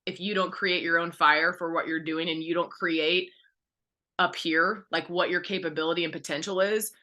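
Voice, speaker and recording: A woman's voice: on the low side, fairly even intonation, moderate pace, sharp tone. A woman leading a direct sales team call, talking in a candid, encouraging, rambling way with many fillers, and close to tears at times. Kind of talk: motivational team call talk.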